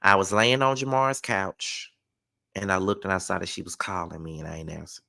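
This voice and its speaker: Profane, animated storytelling man. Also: sits low, a little fast, creaky. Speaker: vlogger. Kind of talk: casual storytime monologue.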